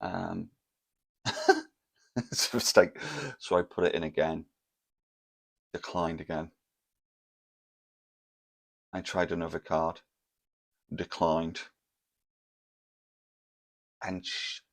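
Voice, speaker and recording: A man's voice: low-pitched, flat delivery, slow pace, gravelly, long pauses. A man in his thirties tells an embarrassing dating story to camera in a rambling, self-mocking way, full of fillers and asides. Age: 30s. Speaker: vlogger.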